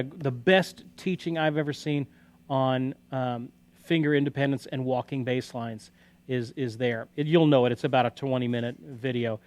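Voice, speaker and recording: A man hosting a casual live-stream guitar lesson, talking loosely and counting beats aloud while he plays. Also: mid-range voice. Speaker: guitar teacher and livestream host. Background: guitar playing.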